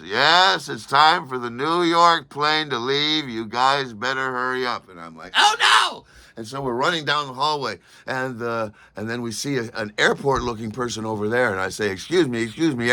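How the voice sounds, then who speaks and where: A man telling a personal story in a lively monologue, acting out other people's lines with sudden shouts and pitch jumps. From Michigan.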